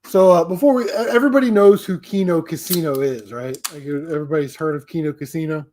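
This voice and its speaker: A man's voice: a little high, quick pace, a little mellow. A man hosting a casual live stream, rambling and laughing often. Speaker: streamer host.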